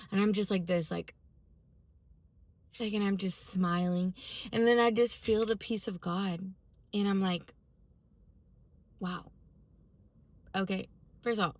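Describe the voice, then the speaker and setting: A woman's voice: mid-range voice, a bit bright, no echo. A woman giving a casual, emphatic personal faith testimony, full of fillers as she talks. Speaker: faith vlogger.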